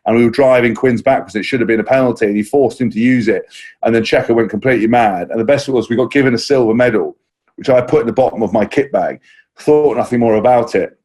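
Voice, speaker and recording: A man's voice: mid-range voice, fast, a little mellow. A man, a former rugby player, telling a long story in a casual podcast chat, rambling with restarts and acting out quotes. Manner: rambling anecdotes with many restarts and mimicked quotes.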